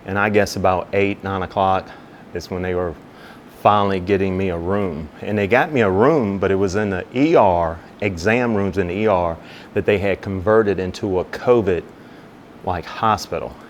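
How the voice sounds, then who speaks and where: A man with a very low voice tells a personal story in an interview. He is relaxed and chatty and keeps slipping into the voices of the people he talks about. A faint low rumble sits under the recording. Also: normal speed. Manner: animated storyteller who acts out both sides of conversations; relaxed, conversational, with many "you know" asides. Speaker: fire captain and business owner.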